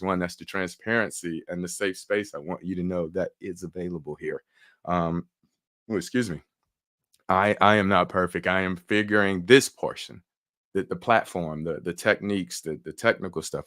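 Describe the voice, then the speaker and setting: A man's voice: sits low, dry recording, clean studio sound. A man hosting a live online summit, talking casually with lots of fillers and restarts. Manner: animated, chatty, many fillers and restarts. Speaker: summit host.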